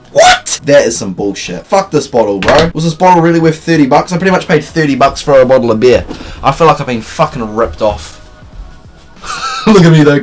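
A man giving gaming commentary from home late at night, loud and profane, ranting and laughing as he plays. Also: mid-range voice. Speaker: gaming video creator.

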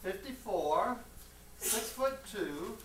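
A woman plays a brusque, blustering male police lieutenant in a stage play. The lines come slowly and swing up and down in pitch. The far mic catches a lot of echo and clear hiss. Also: lively intonation. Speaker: stage actor.

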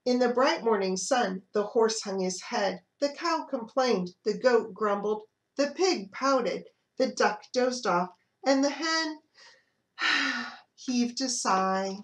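A woman children's librarian reads picture books aloud to toddlers. She reads slowly, in a slightly high voice, with expressive, animated storytelling.

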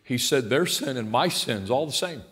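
An older male pastor preaching a blunt, folksy sermon. He swings from quiet asides to loud, passionate outbursts. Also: mid-range voice, animated, normal speed. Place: large church sanctuary. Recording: long hall reverb in a church.

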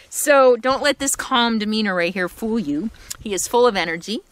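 A woman's voice: on the high side, animated, normal speed, no room sound. Chatty woman vlogger, dry close sound. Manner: chatty, warm baby talk to a puppy, laughs often. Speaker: full-time RV vlogger. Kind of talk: casual vlog talk. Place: inside an RV.

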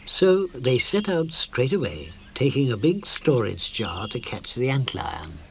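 An older British man narrating a children's cartoon in a measured storytelling manner. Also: medium pitch, very animated, creaky, a little hiss or hum. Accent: British English. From Britain. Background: music.

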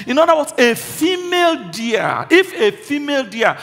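A male pastor delivering a fervent sermon, building to shouted declarations of faith. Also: very high-pitched, very animated, normal speed, creaky. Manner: impassioned preaching with shouted declarations. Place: church hall. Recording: reverberant hall with faint music.

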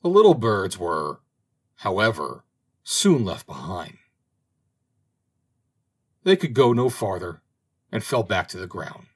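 Male audiobook narrator, expressive fairy-tale reader, husky lower voice. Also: slow pace, pauses often. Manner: expressive, dramatic reading. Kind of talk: storybook narration.

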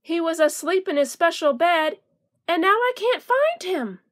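A woman's voice: very high voice, animated, unhurried. A woman reading aloud voices a young male worm who is eager and full of wonder.

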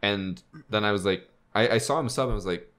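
A man's voice: on the low side, fast talker, fairly bright tone. A young man co-hosting a podcast in casual chat, telling gaming stories with quoted voices and frequent laughter. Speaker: podcast co-host and streamer.

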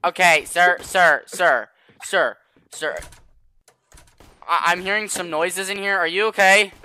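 A teenage boy role-playing a restaurant worker during a game in an animated, playful way, often bursting into shouts. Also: sits high, takes it slowly. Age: teens.

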